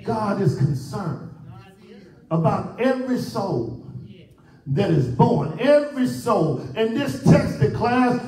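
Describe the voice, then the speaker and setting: A male pastor, preaching a sermon in a church with a shouting, sing-song, repetitive cadence. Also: high-pitched, distant mic. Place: church sanctuary. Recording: echoey church hall, mic from afar.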